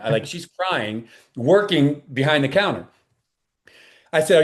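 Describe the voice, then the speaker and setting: A man, a life coach and pastor, talking as a guest in an interview in an earnest, animated way. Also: fairly high pitch, moderate pace. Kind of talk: enthusiastic interview talk.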